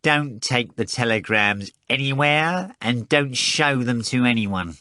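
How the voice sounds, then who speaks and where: A man voicing a sinister male caller with a repugnant nasal voice, slow and insolent. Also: medium pitch, expressive, bright, forceful tone, no room sound, clean studio sound.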